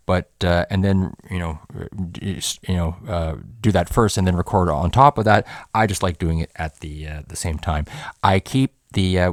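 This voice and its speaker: A man's voice: low voice, dry recording. A man hosting a home recording tutorial in his own studio, explaining in a rambling, casual way with many fillers and restarts.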